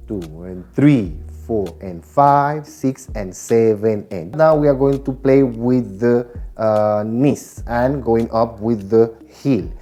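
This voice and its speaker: A woman's voice: rumbling low, mellow. A woman teaching a dance class, explaining body control and counting beats aloud as she demonstrates. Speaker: dance instructor. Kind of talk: dance lesson instruction with counting.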